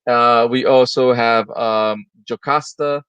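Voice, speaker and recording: A man's voice: medium pitch, steady tone, slow pace, a bit bright, smooth, no room sound, lo-fi sound. A man co-hosting a toy news livestream, talking casually and loosely with a lot of enthusiasm. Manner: chatty, enthusiastic, loose and rambling. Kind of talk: casual chat.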